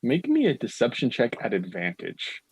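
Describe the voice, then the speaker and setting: A man narrating a tabletop game as game master, giving lively scene descriptions. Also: medium pitch, normal speed, slightly rough, no echo, rough recording.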